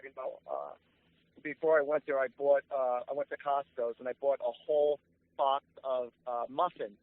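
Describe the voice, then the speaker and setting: A man's voice: mid-range voice, no room sound. Man telling a story over a tinny phone line. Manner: earnest, emotional, halting restarts. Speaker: guest psychic medium. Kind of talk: casual storytelling.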